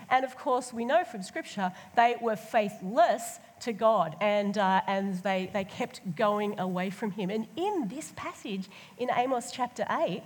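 A woman preaching a sermon, lively and colloquial, sometimes acting out the voices of the people she talks about. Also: a little high, a little slow, husky. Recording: long hall reverb.

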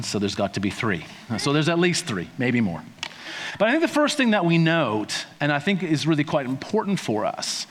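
A man preaching a conversational sermon, with playful asides and acted-out quotes. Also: mid-range voice. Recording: long hall reverb.

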